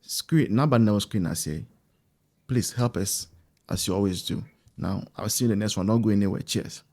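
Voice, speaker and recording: A man's voice: lowish voice, normal speed, darkish tone. A man with a Ghanaian English accent hosting an online political show, talking rhetorically and slipping in Twi phrases. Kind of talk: political commentary to camera.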